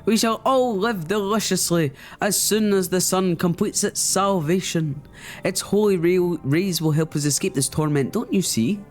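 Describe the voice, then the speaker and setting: A man's voice: high-pitched, normal speed, faint music behind, natural voice. A man doing a grandiose sun-worshipping cultist. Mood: preachy. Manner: grandiose, sermonizing, swears mid-speech. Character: preachy sun-worshipping male cultist visitor.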